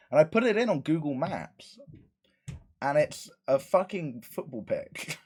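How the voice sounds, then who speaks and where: A man, a live streamer telling a casual story to his chat, rambling fast and acting out quoted lines with plenty of swearing. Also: on the high side, a little mellow.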